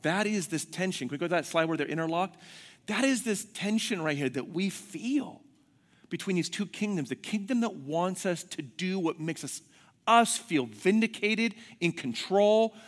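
A man preaching a sermon as pastor, telling stories with animated swings from hushed to shouting. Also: sits high, normal speed, in a large hall.

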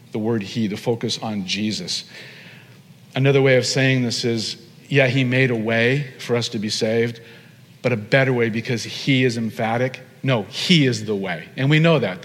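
Male pastor mid-sermon, animated delivery, drawn-out emphasis, ringing church reverb. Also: mid-range voice. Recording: long hall reverb.

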